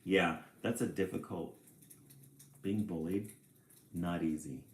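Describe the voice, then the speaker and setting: A man reading a children's picture book aloud, with relaxed, chatty asides between passages. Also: low voice, slow pace, slight background noise. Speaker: storybook reader. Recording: echoey room.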